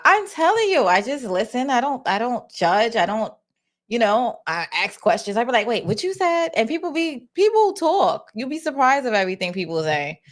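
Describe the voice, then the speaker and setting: A woman hosting a live reaction stream, talking casually and animatedly to her viewers, acting out voices and laughing as she goes. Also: mid-range voice.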